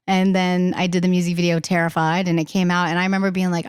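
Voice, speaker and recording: Chatty woman, low and smooth. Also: fairly even intonation, fast talker, few pauses, a little mellow, no room sound, clean studio sound. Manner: chatty, laughing, acts out quoted voices. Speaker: singer-songwriter guest. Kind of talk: casual podcast chat.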